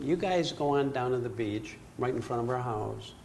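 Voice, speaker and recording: Older guy, gravelly voice, animated storytelling, faint hiss behind. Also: mid-range voice, normal speed, hardly any pauses. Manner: animated storytelling that acts out its own panic. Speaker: speaker telling a personal story. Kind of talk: storytelling talk.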